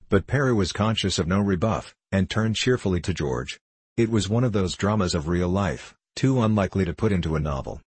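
A man narrates a classic novel in a low, husky voice. His delivery is even and unhurried, with only light shading for the characters. The recording is dry and close, with no room sound. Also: no room sound. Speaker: audiobook reader. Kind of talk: scripted narration.

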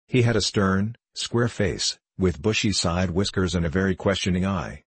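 A man narrates a storybook with a very deep, husky voice. His reading is steady and measured. The recording is close and dry, with no room sound. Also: no room sound. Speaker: audiobook narrator. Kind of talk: scripted narration.

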